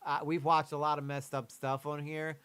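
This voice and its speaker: A man's voice: on the high side, level tone, normal speed, fairly bright tone, smooth. A young man, a streamer, reacting to a true crime video and talking candidly and emotionally about his daughter, swearing casually. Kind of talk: livestream reaction commentary.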